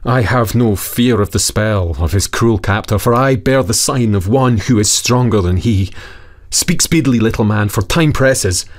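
A man's voice: on the low side, moderate pace, close to an everyday voice. A man voicing a brave, eager knight who speaks in an urgent, commanding way.

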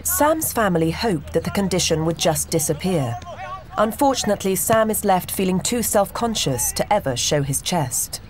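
Low-voiced woman narrating. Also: expressive, moderate pace. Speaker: documentary narrator. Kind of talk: scripted narration. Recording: narration over loud music.

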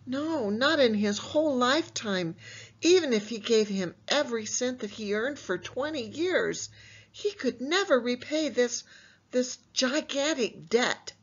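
Slow, breathy woman telling children a Bible story. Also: on the high side, muffled recording. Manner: animated, asks young listeners questions and answers them.

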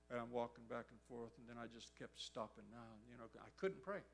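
In a church, a man preaches a sermon built around a story, animatedly acting out the voices of its characters and raising his voice excitedly for the quotes. His voice is mid-range and gravelly at a moderate pace, with a little hiss or hum on the recording.

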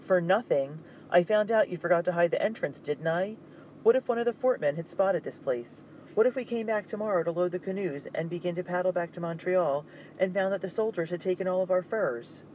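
A man's voice: sits high, a little fast, darkish tone, a little hiss or hum, pitched above the performer's own voice, natural voice, poor audio. A man reading aloud, voicing a scheming male fur trader who snaps and scolds harshly. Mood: scolding. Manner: harsh, snapping.

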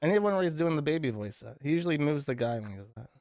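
A man's voice: a little high, expressive, very fast, darkish tone, no echo, studio quality. A man hosting a show, ranting over video clips in an exasperated, profane way. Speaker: host.

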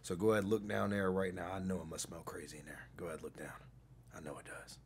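A man's voice: mid-range voice, sing-song, brisk, a little hiss or hum. A man doing an impression of a smug, insulting middle-aged male relationship consultant on a live stream, with a condescending, mocking manner. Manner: condescending, mocking, drops to a hushed whisper. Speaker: stream host.

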